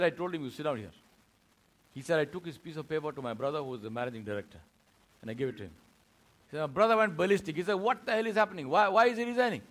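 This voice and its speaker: A man giving a Friday sermon in a mosque, telling a story and acting out the voices of its people. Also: fairly high pitch. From India. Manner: animated storyteller who acts out the voices of people in his story.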